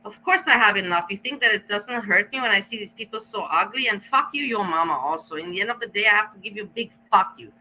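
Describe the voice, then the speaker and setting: Defiant sharp-voiced woman vlogger ranting. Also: medium pitch, animated, a little hiss or hum, poor audio. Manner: blunt, defiant, swears often; halting, searches for words. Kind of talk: casual rant to camera.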